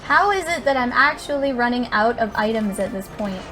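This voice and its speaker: A young woman giving excitable, swearing commentary while playing a game. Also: a little high, a little fast, faint music behind. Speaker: gaming streamer. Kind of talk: casual gameplay commentary.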